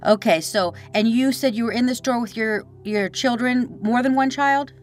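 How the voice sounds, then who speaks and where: A woman hosting an interview and gently prompting her guest with questions. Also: on the high side, moderate pace, soft background music. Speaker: podcast host interviewer.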